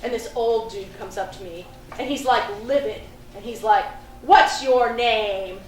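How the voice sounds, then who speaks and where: A woman's voice: on the high side, moderate pace, a little mellow, close to an everyday voice. A woman playing an ornery, foul-mouthed shop manager. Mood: wry. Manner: casual, blunt, swears freely. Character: ornery, swearing male record store manager. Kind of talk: live solo theatre monologue. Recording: roomy, distant stage recording with faint noise.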